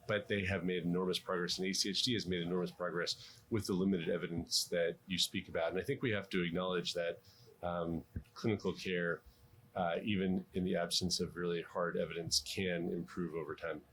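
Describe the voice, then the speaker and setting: A man, a cardiologist, giving measured interview answers with many pauses and restarts. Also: sits low, level tone, fairly bright tone. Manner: measured, frequent ums and restarts.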